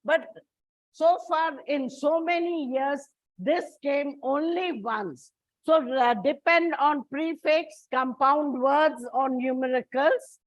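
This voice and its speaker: A high-pitched woman teaches English stress rules in a classroom lecture, explaining slowly and deliberately, step by step, and calling her students "children." The recording is dull, lo-fi, and dry, with no room sound.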